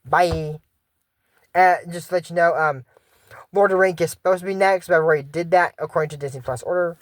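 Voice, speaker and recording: A YouTube host casually recapping a cartoon episode in a rambling, halting way, with frequent restarts. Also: medium pitch, steady tone, dry recording, clean studio sound.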